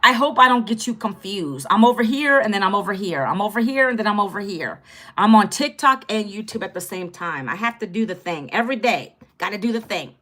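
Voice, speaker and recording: A woman's voice: mid-range voice, lively intonation, a little fast, sharp tone. A woman in her fifties, a content creator, chatting casually on a livestream, greeting viewers by name in an upbeat, chatty way. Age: 50s.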